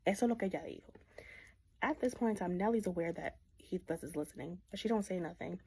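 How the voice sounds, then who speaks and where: A woman's voice: lowish voice, fast, husky, poor audio. A young woman giving a casual, slangy book recap and acting out the characters as she goes. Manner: slangy, animated, acts out the characters. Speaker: book vlogger.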